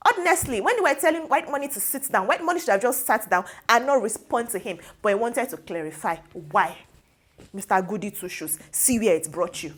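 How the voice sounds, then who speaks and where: A woman with a Nigerian accent hosting a casual gossip commentary, animated and opinionated, slipping into pidgin phrases, recorded on a lapel mic in a studio. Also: on the high side, moderate pace. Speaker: host.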